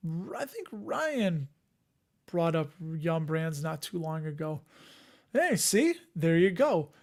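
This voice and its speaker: A man's voice: fairly high pitch, big pitch swings, slow. A man in his forties hosting a livestream, chatting casually with viewers, often chuckling and trailing off mid-thought. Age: 40s. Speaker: livestream host reading viewer comments. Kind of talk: casual rambling livestream chat.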